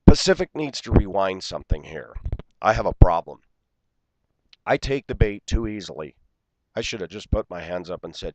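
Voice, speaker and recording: A man's voice: deep voice, a little fast, dry recording, muffled recording. A man in his forties telling an aggrieved story in an indignant, ranting way, acting out the dialogue. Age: 40s. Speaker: vlogger.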